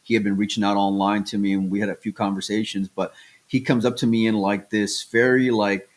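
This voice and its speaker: Low-voiced guy cohosting a pool podcast, gets all worked up telling stories, keeps restarting. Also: brisk. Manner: excitable, restarts often, tells stories. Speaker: podcast co-host. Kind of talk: casual chat.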